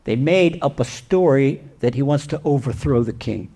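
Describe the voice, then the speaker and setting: Male rabbi, sermon storyteller, gravelly voice, animated. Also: mid-range voice, moderate pace. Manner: animated, rhetorical questions.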